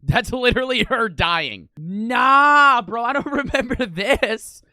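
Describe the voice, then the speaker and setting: Loud, swearing young man reacting. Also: very high voice, big pitch swings, unhurried, no echo. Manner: loud, swears a lot, rants. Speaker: streamer reacting to old commercials. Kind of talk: casual reaction commentary.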